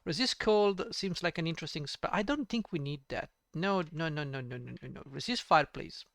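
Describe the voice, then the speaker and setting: A man's voice: on the high side, animated, moderate pace, gravelly, fairly bright tone, no room sound. Jokey guy narrating his game playthrough, chatty, dry close sound. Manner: casual, jokey, talks to himself. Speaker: let's play host. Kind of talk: gameplay commentary.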